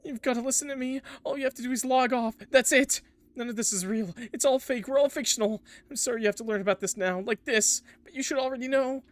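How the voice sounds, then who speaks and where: A man's voice: very high-pitched, fast talker, no room sound, voice pushed up. A man voicing a panicked game character who desperately pleads with the player to leave. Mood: frantic pleading.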